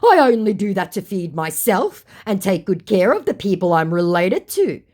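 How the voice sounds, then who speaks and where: A woman's voice: mid-range voice, very animated, normal speed, darkish tone, voice pushed up. A woman putting on the voice of a pleading, indignant male online scammer, whiny and protesting in broken English.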